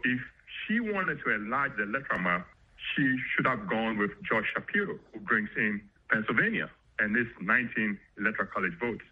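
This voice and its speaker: A man who is a professor, giving measured political analysis in an interview. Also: fairly low pitch, sing-song, breathy edge. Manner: measured, explanatory. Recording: dull lo-fi remote line.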